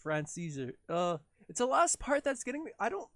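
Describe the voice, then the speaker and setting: A man's voice: very high-pitched, sing-song, normal speed, a bit bright, no room sound. A young man hosting a live stream, chatting casually and rambling in a giggly, self-deprecating way while he works.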